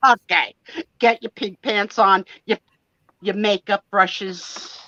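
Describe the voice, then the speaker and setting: A woman's voice: mid-range voice, fairly even intonation, slow, pushed and bright, dry recording, highs cut off. A woman hosting a casual live chat, playful and teasing, full of exclamations. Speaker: host.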